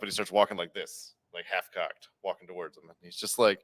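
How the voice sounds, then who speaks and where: Podcast guy telling a bar story, lowish voice, acts out the lines, dead dry room. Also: fairly quick, dry recording. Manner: animated, acts out quotes with big jumps in pitch. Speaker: podcast co-host, bar worker. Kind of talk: casual storytelling.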